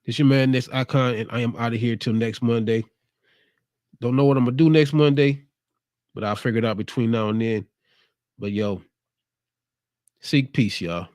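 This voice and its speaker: A male show host with a medium-pitched, slightly mellow voice talks at a moderate pace, leaving long pauses. Recorded in clean studio sound with no room sound, he offers a casual, streetwise motivational monologue that's laid-back yet preachy.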